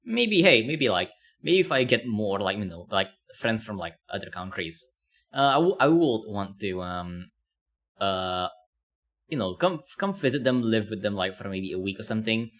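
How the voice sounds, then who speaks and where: A man's voice: on the low side, very animated, normal speed, fairly bright tone. A man streaming casually, commenting on a video with rambling talk full of fillers and laughs.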